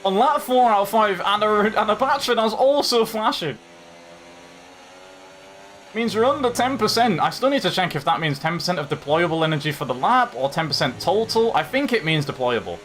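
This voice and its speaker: This young man's voice sits high and moves at normal speed, with a little hiss or hum behind it. Live-streaming a sim race, he commentates animatedly and banters with rivals and viewers as he drives.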